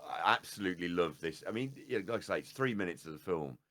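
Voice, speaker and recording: A man's voice: low-pitched, animated, fast talker, fairly bright tone. A man co-hosting a podcast, gushing about favourite film scenes in casual, sweary chat. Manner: enthusiastic, sweary, calls his co-host "mate". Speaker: podcast co-host.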